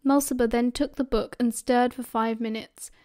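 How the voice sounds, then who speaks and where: A British woman reads an audiobook aloud, her voice sitting a little high for a woman. She narrates in a steady, expressive storytelling way. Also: moderate pace. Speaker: audiobook reader.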